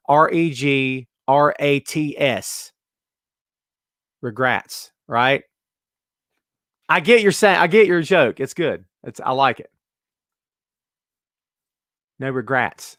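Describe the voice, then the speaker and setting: A man hosting a casual wrestling talk show, reading out viewer comments with sarcastic, animated commentary. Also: mid-range voice, vocal fry, no room sound, clean studio sound. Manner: sarcastic, animated, mocking put-on voices. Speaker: podcast host.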